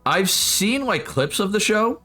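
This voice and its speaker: A male streamer talking in a casual, rambling way, his pitch bouncing around a lot as he chats. Faint music plays under his voice. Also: a little slow. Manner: animated, laughing, rambling. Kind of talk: casual live-stream chat.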